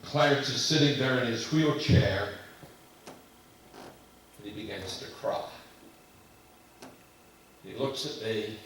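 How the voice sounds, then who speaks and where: A man preaching a sermon, moving between loud, emphatic declarations and quiet, hushed storytelling as he addresses the congregation. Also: medium pitch, slow, pauses often. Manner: impassioned, swinging from loud emphasis to hushed telling. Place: church sanctuary. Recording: very echoey church hall from far off, faint hiss.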